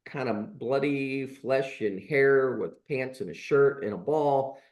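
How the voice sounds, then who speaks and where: A man's voice: medium pitch, slow pace, a little mellow. A man in his sixties, a chiropractor co-hosting a podcast, telling stories in a rambling, casual way with many fillers and restarts. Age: 60s. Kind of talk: casual storytelling chat.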